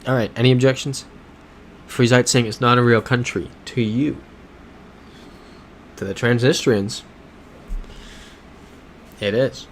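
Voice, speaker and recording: A man hosting a casual livestream who reads viewer comments aloud and reacts to them in a laid-back way, with soft chuckles. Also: medium pitch, steady tone, slow, long pauses, a little hiss or hum. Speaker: livestream host. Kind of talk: casual livestream chat while playing a geography game.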